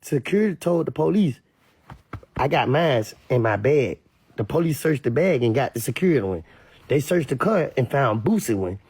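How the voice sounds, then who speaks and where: A man giving casual street commentary to camera, animated and repetitive, sometimes mimicking others in a high voice. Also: normal speed, husky, dry recording.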